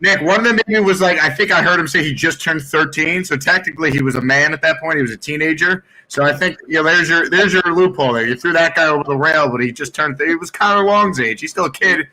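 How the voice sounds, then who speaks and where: A man's voice: fairly high pitch, quick pace, hardly any pauses, bright, forceful tone, rough recording. A man co-hosting a casual live-stream chat, teasing and laughing often. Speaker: co-host.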